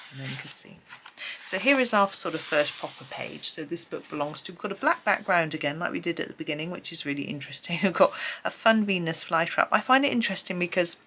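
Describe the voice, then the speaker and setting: Just awake and still sleepy, the host flips through pages, chatting casually and thinking aloud with light laughter. She has a lowish, gravelly, fairly bright voice, and there is slight background noise.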